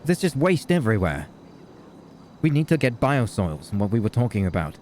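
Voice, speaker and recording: A man with a London accent roleplaying a police officer, talking bluntly with dry, deadpan humor. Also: mid-range voice, a little fast, slight background noise. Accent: London English. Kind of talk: in-character roleplay chat.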